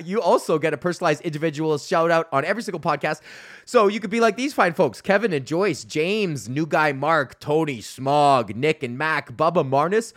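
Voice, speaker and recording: A man's voice: on the high side, moderate pace, fairly bright tone. A man in his thirties from Canada, hosting a podcast and telling a rambling, profane story in casual chat. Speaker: podcast host and comedian.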